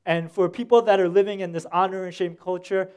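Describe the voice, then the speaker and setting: A young man preaching a sermon as a pastor, telling stories in an animated way with slangy asides. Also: high-pitched, brisk, clear, resonant tone.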